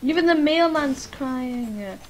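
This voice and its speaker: A woman from Lithuania with a Lithuanian accent, giving chatty gameplay commentary and talking to the game characters, at times muttering and at times loudly protesting. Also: high-pitched, lively intonation, takes it slowly, slight background noise. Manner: chatty, talks to the game characters, swings from mumbling to loud protests. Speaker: gaming YouTuber. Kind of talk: life-sim gameplay commentary. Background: faint game music.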